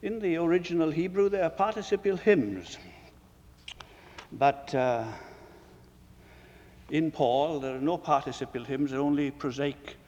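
A man with a fairly high voice delivers a fervent sermon lecture to other preachers. He presses rhetorical questions, swings between soaring emphasis and hushed asides, and his words ring out with a long hall reverb. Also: unhurried, pauses often, lo-fi sound. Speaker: preacher addressing fellow preachers.

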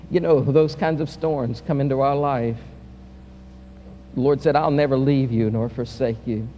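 A male pastor preaching a sermon, swinging from loud, impassioned peaks to quiet, soft passages. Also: mid-range voice, normal speed, highs cut off. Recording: reverberant hall with faint hum.

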